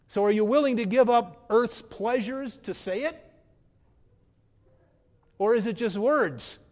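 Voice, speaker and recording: A pastor preaches a sermon with emphatic pauses and rhetorical questions. His voice sits high for a man. It rings with the long reverb of a large hall. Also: a little mellow.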